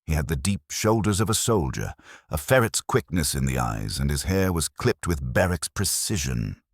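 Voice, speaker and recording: A male narrator tells a period mystery in measured, literary storytelling. His voice is extremely deep and husky, with a lively, expressive melody. It is recorded close and dry, with no room sound. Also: no echo. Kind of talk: scripted audiobook narration.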